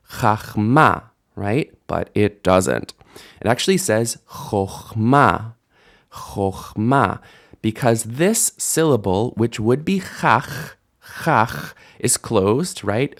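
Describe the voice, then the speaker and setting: This recorded Hebrew lesson comes from a man whose voice is lowish with vocal fry, talking into a desk mic. He works patiently through the grammar, says syllables slowly, and jokes around casually along the way.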